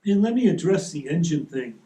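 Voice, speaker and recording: A man giving a seminar in a meeting room, his voice a touch high but mellow. He talks in an easygoing, practical way, leaning on rules of thumb. The room has a clear echo. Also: big pitch swings, a little fast. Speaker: seminar presenter. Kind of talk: relaxed technical talk. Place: meeting room at a soaring club. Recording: echoey room.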